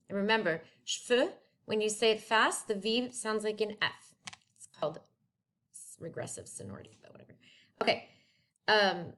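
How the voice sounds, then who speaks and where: A woman's voice: mid-range voice, very animated, normal speed, long pauses, a bit bright. A woman French teacher recording a lesson at home, talking in a friendly, chatty way and switching between English and French.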